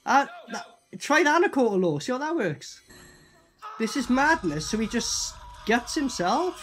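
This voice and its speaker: A movie reaction host with a British accent and a very high-pitched voice takes an unhurried pace while casually responding to a horror film. Animated throughout, he swears, laughs, and repeats lines from what he's watching.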